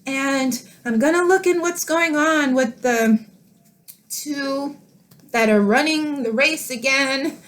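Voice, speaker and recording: A middle-aged woman speaking to camera in a tender, emotional personal vlog, laughing softly through tears as she talks. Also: high-pitched. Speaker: vlogger.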